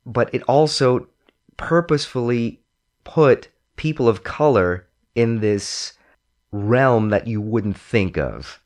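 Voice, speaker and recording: A man hosting a casual movie discussion, talking in an animated way and putting on voices when he quotes. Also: mid-range voice, slow.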